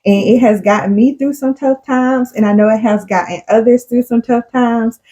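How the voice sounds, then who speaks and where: A woman's voice: on the high side, steady tone, moderate pace, warm tone. A woman co-hosting a casual chat podcast, talking earnestly and effusively and laughing often. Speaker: podcast co-host.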